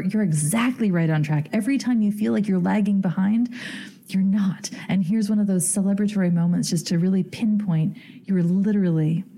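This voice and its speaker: A woman's voice: fairly low pitch, warm tone. A woman hosting a podcast, telling a story in a giddy, chatty way full of fillers. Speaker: podcast host.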